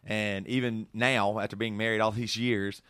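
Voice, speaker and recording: Man, podcast host, heartfelt casual talk, lower voice, dry recording. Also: level tone, normal speed, a bit bright, clean tone, dry recording. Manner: earnest, emotional storytelling with many restarts.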